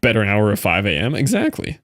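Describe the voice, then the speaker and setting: A man's voice: fairly low pitch, huge pitch swings, fairly quick, fairly bright tone, no echo. Joking man streaming a game. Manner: joking, chatty, talks back to videos. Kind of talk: casual gameplay commentary.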